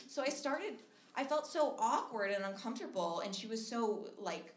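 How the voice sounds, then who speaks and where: A woman's voice: a little high, normal speed. A young woman telling a personal story at a live storytelling show, chatty, full of "like" and restarts, acting out the quotes. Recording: echoey room with faint noise.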